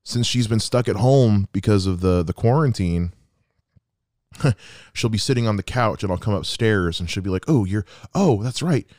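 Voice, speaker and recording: A man's voice: lowish voice, normal speed, a little mellow, dry recording. A man in his thirties hosting a solo podcast, talking earnestly and reflectively about someone close to him. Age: 30s. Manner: earnest and reflective, with quoted asides. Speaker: podcast host. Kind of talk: heartfelt solo podcast monologue.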